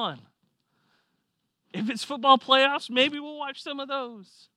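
Man, pastor, sermon, high voice, animated storytelling, dry close sound. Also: takes it slowly, no echo. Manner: animated storytelling, swings from quiet to loud.

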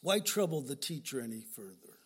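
A man's voice: medium pitch, sing-song, a little fast, slightly rough. An older male pastor preaching an earnest sermon, telling stories and often repeating words as he speaks. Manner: earnest, storytelling, repeats words when moved.

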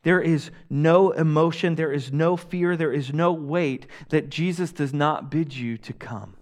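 A young man delivers a sermon in an earnest, unhurried way. His voice sits a little high for a man, and he lets each phrase land slowly. He swells loud on emphasis, then falls to a hush. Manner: earnest preaching, swings between loud emphasis and soft hushed lines. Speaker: pastor.

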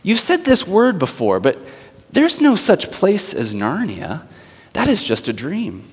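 A mocking, lulling witch, put on by a man preaching a sermon speaks in a soft, coaxing way full of feigned innocence. The voice sits well above his own pitch and sounds hushed. It carries the long echo of a church hall on a slightly dull recording. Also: wildly swooping pitch, measured pace, slightly rough, heavily acted. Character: sly mocking evil female witch, lulling.

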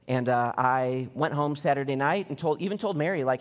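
A man in his thirties preaching a sermon, telling stories in an animated way and acting out the people he quotes. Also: mid-range voice, a little fast, few pauses. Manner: animated storytelling, acts out quoted voices. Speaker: pastor. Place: large church hall. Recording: long hall reverb.

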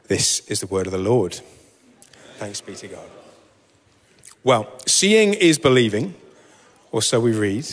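A man giving a sermon and reading scripture, relaxed and self-deprecating, with frequent fillers. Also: on the low side, unhurried, pauses often, big-room sound. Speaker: preacher.

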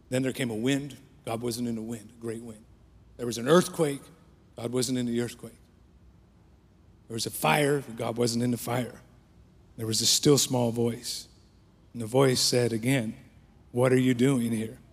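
A pastor preaching a sermon with passion, his voice rising for prayers and dropping low for quiet points. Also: steady tone, a little slow, long pauses, husky. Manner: impassioned preaching that swells then drops to a hush. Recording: long hall reverb.

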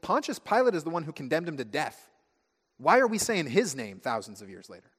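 A man preaching a sermon as pastor, telling stories with lively, acted-out asides. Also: fairly high pitch, brisk, husky. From United States. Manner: animated storytelling, acting out friends' voices. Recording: long hall reverb.

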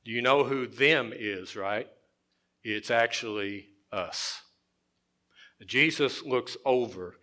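Bright-voiced male pastor preaching. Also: medium pitch, takes it slowly. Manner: conversational preaching, dropping to quiet emphasis, repeats phrases. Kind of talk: sermon.

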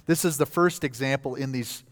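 A man preaching a sermon as pastor, talking conversationally and rising to forceful readings of scripture. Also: medium pitch, moderate pace, in a large hall.

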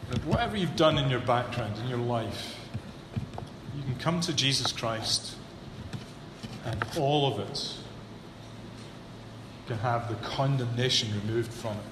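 A man preaching a sermon, building to emphatic peaks and then dropping low and earnest. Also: unhurried, pauses often. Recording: echoey hall with long reverb, faint room hum.

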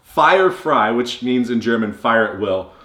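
A man's voice: medium pitch, lively intonation, measured pace, sharp tone. A man co-hosting a podcast, casually chatting about a movie and rambling as he retells its scenes. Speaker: podcast co-host. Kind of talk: casual movie-review chat. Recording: roomy echo.

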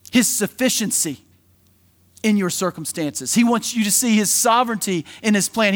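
A man preaching a sermon in an energetic, conversational way, slipping into quick acted asides. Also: high voice. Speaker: pastor.

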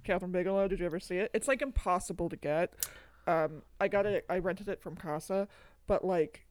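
A woman co-hosting a podcast, talking in an animated, rambling way and swearing freely. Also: on the low side, fairly quick, no echo. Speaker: podcast co-host. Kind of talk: casual chat.

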